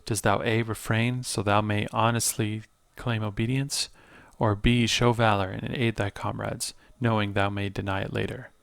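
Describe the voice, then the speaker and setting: A man voicing an ancient female fortune-teller in a put-on accent, with slow, solemn, archaic speech. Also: fairly low pitch, flat delivery, vocal fry, fairly bright tone, dry recording.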